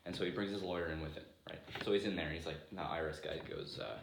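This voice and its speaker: A man's voice: low voice, steady tone, rapid-fire, creaky, hardly any pauses, slight background noise. A man hosting a casual podcast with friends, telling a rambling joke full of fillers. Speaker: podcast host. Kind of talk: casual chat among friends. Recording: echoey room.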